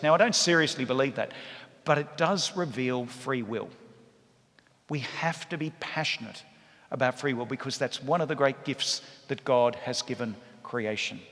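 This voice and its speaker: Priest preaching in an echoey church. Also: male voice, medium pitch. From Australia. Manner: lively, humorous storytelling with acted voices. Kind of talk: sermon with storytelling. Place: large church.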